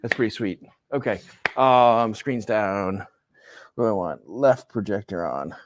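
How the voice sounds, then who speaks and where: A man's voice: lowish voice, unhurried. A male professor giving a classroom lecture in a conversational way, often checking in with "right?". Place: lecture hall.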